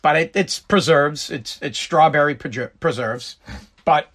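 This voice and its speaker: A fired-up host with a Massachusetts accent rants bluntly and swears freely. His speaking voice sits fairly high for a man, and the delivery is casual, loose and opinionated. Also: measured pace, fairly bright tone. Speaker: podcast host. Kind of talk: casual ranting commentary.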